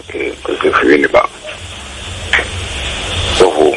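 A man's voice: very deep voice, steady tone, a little slow, a bit bright, slight background noise, rough recording. A man calling in to a radio show, speaking emphatically. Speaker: caller. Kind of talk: call-in radio chat.

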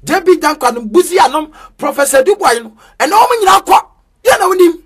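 A man preaching an energetic street sermon, chanting in a sing-song way with bursts of shouting. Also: very high-pitched, brisk.

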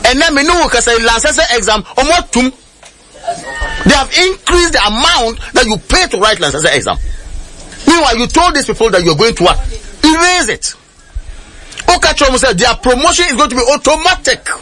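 A man's voice: extremely high pitch, very animated, a little fast, pushed and bright. A man with a Ghanaian accent, an outspoken political commentator on a radio panel, talking emphatically and switching between Twi and English.

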